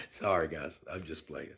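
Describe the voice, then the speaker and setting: A man's voice: a bass voice, creaky, a bit bright, husky. A man, chatting casually on a phone livestream from his apartment and thanking viewers by name. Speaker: livestream host.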